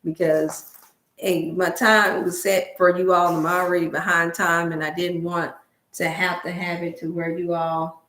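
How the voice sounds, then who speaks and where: A woman hosting a wellness livestream in casual Black dialect, talking to her viewers like family with emotional, preachy warmth. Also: on the low side, little pitch movement, a little slow. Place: home room. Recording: roomy echo.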